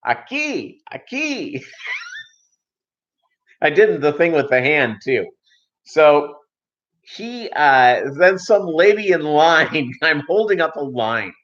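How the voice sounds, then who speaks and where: A man's voice: a little high, expressive, slow, a bit bright. Rambling joking livestream host, a man. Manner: rambling and joking, many fillers. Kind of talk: casual livestream chat and storytelling. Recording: slightly dull lo-fi stream audio.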